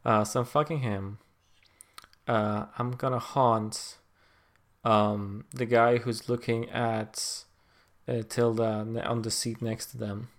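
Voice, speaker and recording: A man's voice: mid-range voice, level tone, takes it slowly. Rambling man co-hosting a comedy show. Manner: rambling, absurd musings. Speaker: podcast co-host. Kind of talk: casual comedic chat.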